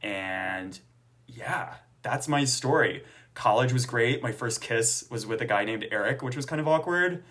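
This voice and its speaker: A young man in a chatty vlog, speaking at a middle pitch for a man. He talks in a loose, conversational way, full of fillers and asides. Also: expressive, a little slow, fairly bright tone. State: tearful near the end. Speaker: author promoting his book. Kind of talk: casual personal storytelling to camera.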